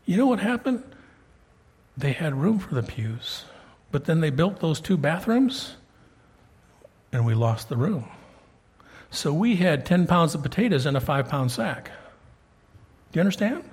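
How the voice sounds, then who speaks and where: A middle-aged man delivers a sermon from the pulpit of his church. His voice is somewhat husky and breathy. He talks with the congregation in a conversational way and pushes up with emphasis when he drives a point home. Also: fairly high pitch, sing-song, measured pace, pauses often, a little mellow. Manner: conversational preaching, rising emphatically on key points. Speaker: pastor. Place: church sanctuary.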